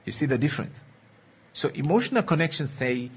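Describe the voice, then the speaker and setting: A man's voice: mid-range voice, sing-song, husky. A man giving an earnest motivational talk on relationships, repeating key lines and checking in with his listeners. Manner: earnest, coaxing, slow and emphatic. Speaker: relationship speaker.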